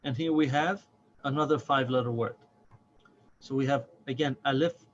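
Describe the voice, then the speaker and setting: A man with a mid-range voice teaches a reading lesson, patient and deliberate, stretching syllables out slowly so learners can follow. The audio sounds a little dull, with a faint hiss underneath. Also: medium pitch, steady tone. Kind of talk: step-by-step lesson.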